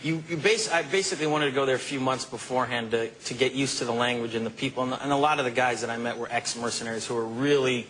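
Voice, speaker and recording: A man with a mid-range voice tells anecdotes as an interview guest, easygoing and animated. He leans on casual fillers as he goes. Faint noise sits under the recording. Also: mid-range voice, quick pace, hardly any pauses, rough recording. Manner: relaxed, animated storytelling with fillers like "you know" and "man".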